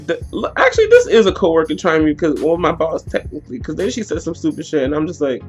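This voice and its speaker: A woman's voice: on the low side, big pitch swings, a little fast, faint music behind. A young woman telling a heated, slangy story in a storytime vlog. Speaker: vlogger.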